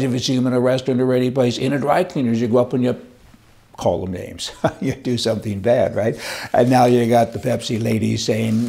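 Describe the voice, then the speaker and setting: A man's voice: medium pitch, fairly even intonation, a little fast, vocal fry, warm tone. A middle-aged man hosting a rambling opinion monologue, telling stories in a folksy, sarcastic way and chuckling as he goes. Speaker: commentary show host.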